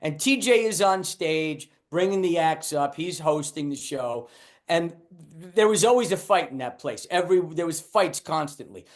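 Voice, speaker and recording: Brief: older male stand-up, high voice, animated storyteller who acts out his characters. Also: normal speed. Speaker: stand-up comedian guest. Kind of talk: telling a club story.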